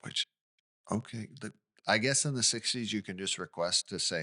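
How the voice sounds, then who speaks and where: A man's voice: lowish voice, moderate pace, pushed and bright. A man co-hosting a podcast, recounting a true-crime case in casual chat with asides and questions. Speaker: podcast co-host.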